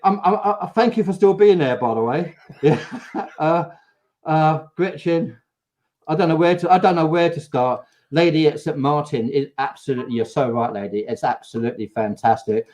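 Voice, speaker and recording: Animated English man telling a story. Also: on the high side, moderate pace. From England. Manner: animated, acts out quotes. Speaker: host. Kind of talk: casual storytelling on a live show.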